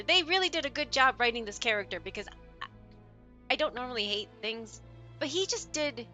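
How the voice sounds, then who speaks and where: A woman streaming a game live, reacting excitedly and rambling with many restarts. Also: fairly high pitch, moderate pace, soft background music. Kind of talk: casual live-stream commentary.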